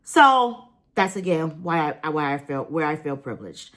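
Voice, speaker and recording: A woman's voice: sits low, animated, normal speed, fairly bright tone. A woman vlogging casually to her viewers, earnest and emotional, rambling with many fillers and restarts. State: emotional, near tears. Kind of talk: casual vlog talk to viewers.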